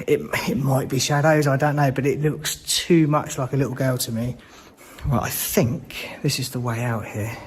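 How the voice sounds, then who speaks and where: A young man vlogging alone through a stripped, empty building, who swears when scared and breaks into panicked shouts. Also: medium pitch, steady tone, normal speed, slight background noise. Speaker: ghost-hunting vlogger. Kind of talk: first-person exploration vlog.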